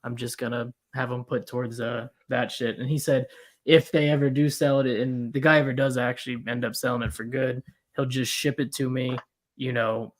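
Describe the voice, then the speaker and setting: A man's voice: mid-range voice, little pitch movement, moderate pace. Laid-back man chatting casually. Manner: laid-back, filler-heavy talk. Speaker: co-host of a collectors live stream. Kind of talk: casual livestream chat.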